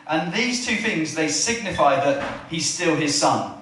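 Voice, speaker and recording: A high-voiced man gives a chatty church sermon and keeps turning to his listeners with questions. He is recorded from far off in a hall with a strong echo. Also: unhurried, a little hiss or hum. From England. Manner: chatty, asks the room questions, animated retelling. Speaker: preacher.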